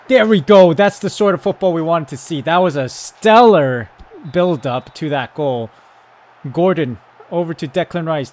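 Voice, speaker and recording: A man giving excited live commentary on his football management game, yelling at his players, then calmly talking through tactics. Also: medium pitch. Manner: excitable, shouts at the team, then calm tactical talk. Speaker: gaming YouTuber.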